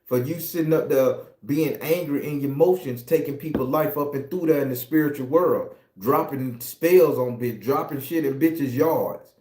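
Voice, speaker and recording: Speaking at a moderate pace with few pauses, a middle-aged man with a Southern US accent has a mid-range, slightly mellow voice. He reads tarot and delivers a preachy, profane, confessional spiritual monologue, recorded in an echoey room.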